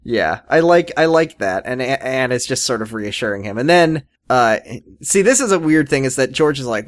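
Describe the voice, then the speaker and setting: A man's voice: mid-range voice, expressive, normal speed, hardly any pauses. A man co-hosting a casual show recap podcast, joking and often slipping into silly character voices. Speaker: podcast co-host.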